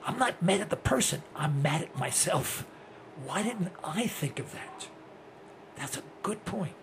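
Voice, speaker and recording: A man's voice: a little high, expressive, measured pace, vocal fry, background noise. A man in his sixties hosting a rambling, blunt talk radio monologue. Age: 60s. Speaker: host.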